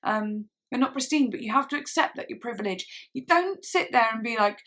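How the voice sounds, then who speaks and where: A woman's voice: on the high side, animated, fairly quick, few pauses, fairly bright tone. A young woman vlogging to camera in a casual, earnest way, rambling with lots of "like" and restarts. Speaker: YouTube reaction vlogger.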